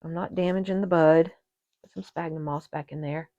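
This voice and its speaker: A woman hosting an orchid channel, chatting to her viewers in a gushing, excitable way while unboxing at a table indoors. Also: deep voice, normal speed, dry recording, muffled recording. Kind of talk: casual unboxing chat to viewers. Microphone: camera set on the table.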